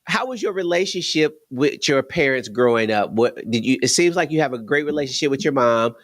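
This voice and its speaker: A man's voice: mid-range voice, lively intonation, brisk, no echo, clean studio sound. A man hosting an interview, who mostly affirms with short replies and restarts his questions. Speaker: podcast host. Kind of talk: casual interview chat.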